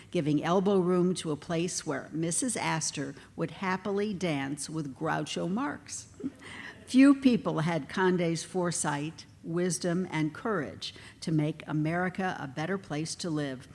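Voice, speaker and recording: Low-voiced woman emceeing in a reverberant hall. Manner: warm, chatty asides between scripted lines. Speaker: ceremony emcee. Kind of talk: reading inductee introductions at an awards ceremony. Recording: long hall reverb, faint background noise.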